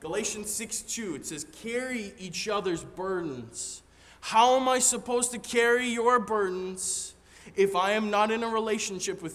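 A man preaching a sermon as a pastor, earnest and growing excited as he goes through scripture. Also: sits high. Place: church sanctuary. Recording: roomy hall reverb, faint ambience.

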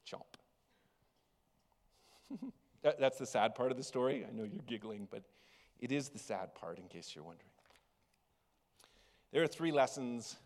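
A man preaching a sermon as pastor, telling a story with big swings between loud and hushed. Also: mid-range voice. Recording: long reverb of a large hall.

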